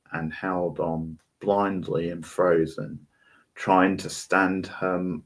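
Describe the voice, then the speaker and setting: Male reader, very deep and slow, deliberate novel reading with occasional self-corrections.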